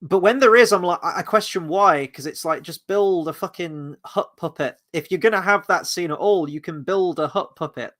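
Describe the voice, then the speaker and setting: A man hosting a casual review chat, animated and rambling, swearing freely as he talks. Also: high voice, a little fast, few pauses. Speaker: host.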